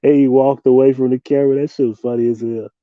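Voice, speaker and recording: A man's voice: medium pitch, flat delivery, fast talker, dry recording, narrow, tinny audio. Laid-back man chatting on a livestream. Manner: loose, laughing, slangy, talks to chat. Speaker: livestream host. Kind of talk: casual late-night livestream chat.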